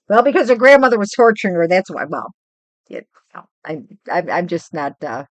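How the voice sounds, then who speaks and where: Older woman, grandmother, livestream host, animated rambling storyteller, medium pitch. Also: fairly quick, no room sound. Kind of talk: casual chat with viewers. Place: home.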